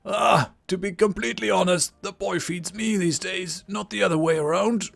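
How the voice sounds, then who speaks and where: A man voicing an eccentric old male druid hermit with a strained, reedy old voice, rambling slowly and condescendingly. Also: sits high, vocal fry, a bit bright, voice pushed up, heavily acted.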